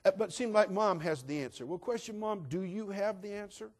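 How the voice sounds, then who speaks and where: A pastor preaching a sermon in a folksy, emphatic style, swinging between hushed asides and loud declarations. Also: male voice, sits high, brisk.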